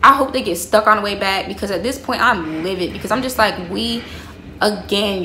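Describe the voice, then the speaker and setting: A woman's voice: mid-range voice, brisk, sharp tone, a little hiss or hum. A young woman telling a heated, profanity-laced story to her viewers, calling them y'all. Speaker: vlogger. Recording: roomy echo.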